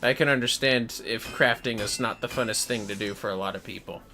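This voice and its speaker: Streaming a game, a man talks casually into his desk mic a little fast, his voice bright and forceful at a middle pitch over faint game music. A chatty livestreamer, he swears freely and reads chat aloud, answering it as he gives casual gameplay commentary.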